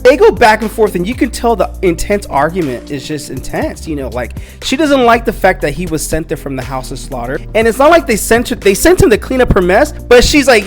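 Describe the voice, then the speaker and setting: A man recapping a comic book story in a casual, slangy, excitable way, acting out the characters' lines as he goes. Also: high voice, fairly quick, few pauses, faint music behind. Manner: animated, slangy, excitable retelling.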